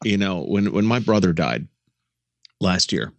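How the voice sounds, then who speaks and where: Lively, animated man telling stories. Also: low voice, unhurried, no room sound. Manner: animated storyteller who mimics voices. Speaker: podcast co-host. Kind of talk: casual comedic chat.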